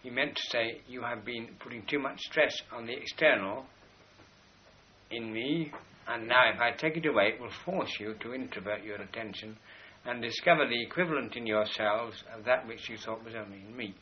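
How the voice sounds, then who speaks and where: A man's voice: medium pitch, a little hiss or hum. Man lecturing on an old lo-fi tape. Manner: measured, explanatory, slows to stress key words. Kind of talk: spoken lecture with drawings.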